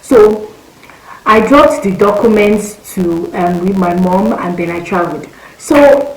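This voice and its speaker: Young woman, Nigerian accent, mid-pitched, animated storytelling vlog, roomy echo. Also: measured pace. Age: 20s. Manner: animated, exclamatory, voice leaps up when excited. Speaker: vlogger. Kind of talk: casual storytelling rant.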